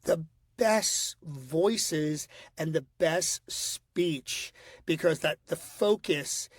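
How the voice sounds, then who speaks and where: A middle-aged man, a voice coach, chatting animatedly on a podcast and slipping into quick impressions. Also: on the high side, slightly rough, no echo, clean studio sound. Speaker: guest voice coach. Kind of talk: podcast conversation.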